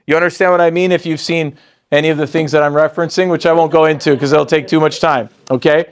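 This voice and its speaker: A man in his forties with a high voice gives a lively motivational training talk. He punches up his excitement with sudden jumps in pitch, then drops low and calm when he quotes someone else. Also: quick pace, clean tone. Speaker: sales training speaker.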